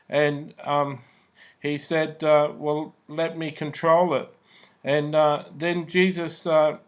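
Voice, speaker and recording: An earnest man with a somewhat high voice recounts his own life story aloud, unscripted. His telling meanders and stays soft-spoken and subdued throughout. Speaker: memoir narrator.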